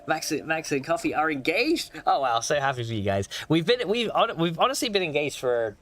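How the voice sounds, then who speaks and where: A man livestreaming a game from his home room reads viewer messages aloud, stumbling into restarts and fillers and laughing a lot as he chats. He speaks a little fast and a little high, with big pitch swings, a fairly bright tone, and a little hiss or hum in the recording.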